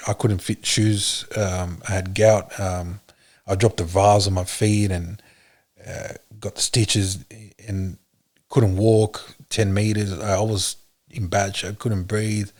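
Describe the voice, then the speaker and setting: A man, a podcast guest, telling his story in an earnest, halting way with many fillers. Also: on the low side, level tone, a little mellow. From Australia. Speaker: podcast guest, police officer. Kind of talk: casual interview talk.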